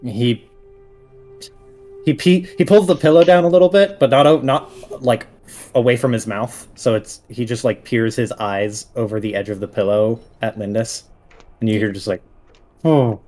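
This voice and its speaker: A man narrates a tabletop game as its game master, in a loose, chatty way with lots of fillers and the odd chuckle. His voice sits at an ordinary mid pitch. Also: steady tone, moderate pace, darkish tone, soft background music. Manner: casual, chuckling storytelling with many fillers.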